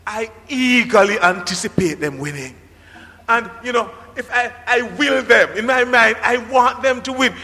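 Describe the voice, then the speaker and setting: A man preaching a sermon as pastor, animated, with dramatic emphasis and occasional shouts. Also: sits high. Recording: reverberant hall.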